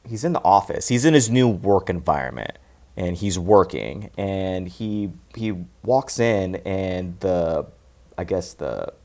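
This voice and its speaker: Low-voiced man rambling through a movie recap. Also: lively intonation, slow pace, a little mellow. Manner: rambling, restarts, laughs often. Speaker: podcast co-host. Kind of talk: casual movie recap chat.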